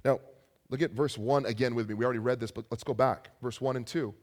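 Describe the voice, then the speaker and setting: A young adult man preaching a sermon as a pastor, telling stories with animated asides. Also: medium pitch, fast.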